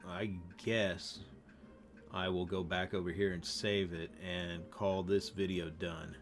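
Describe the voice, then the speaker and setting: A man who is losing his voice, explaining grammar in a casual, halting way while playing a game. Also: low-pitched, faint music behind. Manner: relaxed, halting explanations with fillers. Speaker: language teacher. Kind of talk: casual gameplay lesson.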